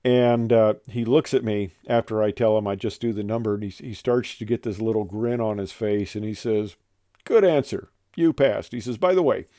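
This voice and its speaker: Older man telling pilot stories, dark voice. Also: fairly low pitch, clean tone, no room sound. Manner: rambling, many fillers and restarts. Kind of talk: casual storytelling monologue.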